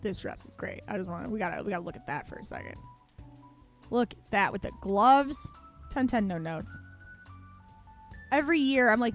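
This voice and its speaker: A woman's voice: fairly high pitch, animated, brisk, pauses often, fairly bright tone, faint music behind. A woman streaming live, ranting in a heated, profane way and swearing freely. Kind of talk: live-stream movie rant.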